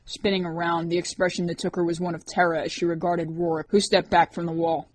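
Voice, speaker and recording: A woman narrating an audiobook in a steady, even reading voice. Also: on the low side, fast talker.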